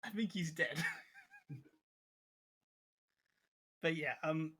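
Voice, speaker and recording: A man's voice: a little high, very slow, husky. Young man, casual podcast co-host, raised voice, exasperated and restless. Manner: animated, exasperated, many restarts and laughs. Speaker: co-host reviewer. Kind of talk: casual review chat.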